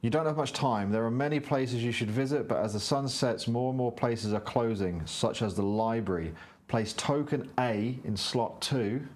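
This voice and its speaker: A man's voice: mid-range voice, a little mellow. A man reading a board game's story and rules aloud, with casual chat between turns while playing. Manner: brisk read-aloud, narrating the game's story text. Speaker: co-host reading a board game script aloud. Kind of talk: reading game text and casual play chat.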